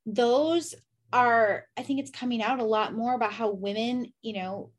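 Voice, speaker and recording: Reflective woman guest, slightly high voice, thinking aloud in casual chat. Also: unhurried. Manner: reflective, asks herself questions aloud. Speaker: podcast guest. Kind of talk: casual conversation.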